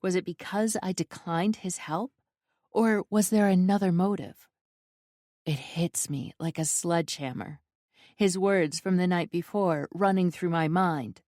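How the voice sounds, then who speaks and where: A woman's voice: lowish voice, measured pace, a little mellow, no room sound, clean studio sound. A woman narrating a first-person romance audiobook with intense, emotional delivery.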